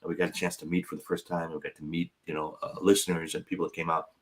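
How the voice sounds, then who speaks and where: Low-voiced joking man telling a story. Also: level tone, quick pace. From United States. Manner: jokey, self-deprecating, acts out other people's lines. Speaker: podcast co-host, comedian. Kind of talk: casual storytelling chat.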